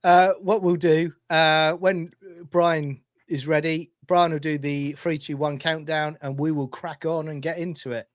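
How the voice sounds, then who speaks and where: A man's voice: a little high, level tone, unhurried, few pauses, dry recording, clean studio sound. Upbeat man co-hosting a stream. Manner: upbeat, chuckles a lot. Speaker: co-host. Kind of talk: casual live watch-along chat.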